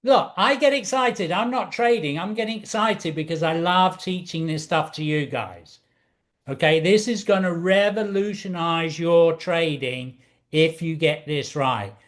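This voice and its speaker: A man walking through trading charts as an instructor, excitable and showy, repeating key phrases over and over. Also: fairly high pitch, unhurried. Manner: excitable, repetitive, showman-like. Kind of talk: screen-share trading walkthrough.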